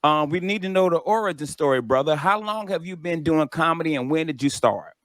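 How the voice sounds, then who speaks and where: Male radio host, hype delivery, high voice, dry studio sound. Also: brisk, no echo. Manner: hype, energetic introductions. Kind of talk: radio show hosting.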